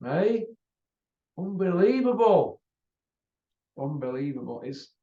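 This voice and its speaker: A man hosting his channel, delivering a combative, repetitive, taunting rant to camera. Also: a little high. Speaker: channel host. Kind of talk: ranting monologue to camera. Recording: roomy, distant, dull lo-fi sound.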